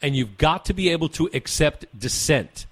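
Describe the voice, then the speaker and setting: A man's voice: a little high, expressive, moderate pace, breathy edge, dry recording. A man hosting a talk radio show, delivering opinionated commentary with emphatic, rhetorical repetition.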